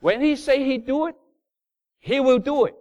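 High-voiced preacher man, emphatic, lo-fi. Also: normal speed, dry recording. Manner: emphatic, swinging between loud bursts and low murmurs; non-native English grammar. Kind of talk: sermon. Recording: dull lo-fi sound.

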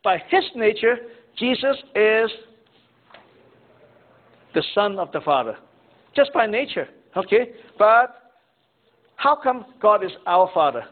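A man with a high voice leads a Bible class, pausing constantly to ask "okay?" and "right?" and to call on students. The sound is thin and tinny, like a phone line. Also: big pitch swings. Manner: asks students questions, tags lines with "okay?" and "right?".

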